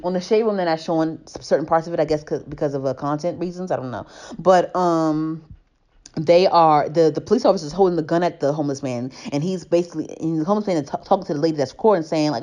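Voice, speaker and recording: A woman's voice: sits low, quick pace, dark tone. A young woman in casual chat, rambling with many restarts and growing heated as she talks. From family from Tobago.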